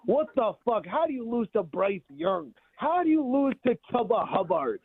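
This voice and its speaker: A man's voice: very high voice, very animated, normal speed. A man calling in as a frustrated fan, exasperated and swearing. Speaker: caller. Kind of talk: angry fan rant on a call-in line. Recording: tinny phone line.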